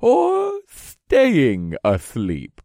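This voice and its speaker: A loud, gushing potion vendor with a high voice. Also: male voice, huge pitch swings, very slow, no echo, studio quality, full character voice. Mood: eager. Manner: shouting, gushing salesman patter. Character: boisterous friendly male potion vendor.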